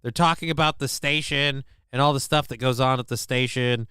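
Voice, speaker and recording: A man's voice: medium pitch, fairly even intonation, a little fast, bright, forceful tone, clean tone, dry recording, studio quality. A man hosting a live stream, chatting casually with his chat in a rambling, sweary, self-mocking way. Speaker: streamer host.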